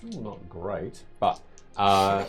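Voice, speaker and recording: A man with a fairly low voice runs a tabletop game as its game master. He narrates in a halting way, full of fillers and frequent laughs. Music plays softly behind him.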